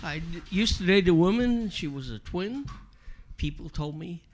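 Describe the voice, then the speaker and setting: A man's voice: high voice, animated, moderate pace, a little hiss or hum. Older man doing bawdy stand-up. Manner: bawdy, self-deprecating joke teller. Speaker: open mic comedian. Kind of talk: stand-up comedy set. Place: comedy club stage before a live audience.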